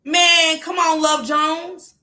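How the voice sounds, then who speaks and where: A woman streamer in a heated, profane, casual rant to her viewers, breaking into shouts. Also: extremely high pitch, flat delivery, slow, reverberant.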